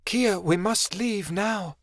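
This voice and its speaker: A man's voice: high-pitched, takes it slowly, dry recording, clean studio sound, pitched above the performer's own voice. A man voicing an aging female shapeshifter who speaks with urgent authority. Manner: urgent, commanding.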